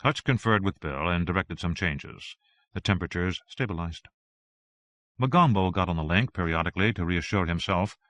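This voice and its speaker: Low-voiced man reading an audiobook. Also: animated, normal speed, a bit bright, dry recording. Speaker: audiobook narrator.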